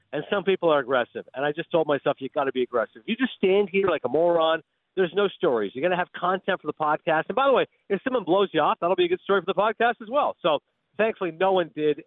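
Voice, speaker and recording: A man from Canada, a guest broadcaster, telling animated, excitable anecdotes in a rapid-fire radio storytelling style. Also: fairly high pitch, no room sound. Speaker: guest sports and film broadcaster. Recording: tinny phone-like line.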